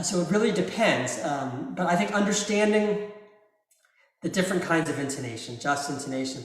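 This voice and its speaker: Thoughtful man in a very echoey hall. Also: medium pitch. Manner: thoughtful, unhurried, frequent ums and uhs. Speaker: cellist answering audience questions. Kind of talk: live masterclass Q&A. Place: large reverberant hall. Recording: very echoey hall with cello in the background.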